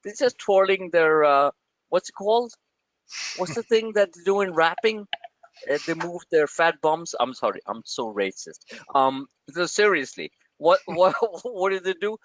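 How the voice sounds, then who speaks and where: A man hosting a livestream of market commentary, rambling and joking in an animated way. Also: a little high, a little slow, lo-fi sound. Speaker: trading channel host.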